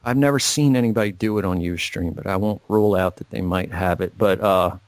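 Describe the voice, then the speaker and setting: Low-voiced, foul-mouthed podcast host. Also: male voice, fairly quick, no echo. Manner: heavy swearing, rambling. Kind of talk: profane casual chat. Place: home garage.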